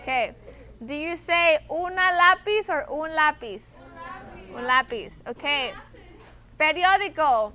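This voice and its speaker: A woman with a high, bright voice teaches her class at an unhurried pace. She explains patiently and keeps checking that the students follow. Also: expressive. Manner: patient, repeats "okay?" to check understanding. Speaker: Spanish teacher. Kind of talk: classroom instruction.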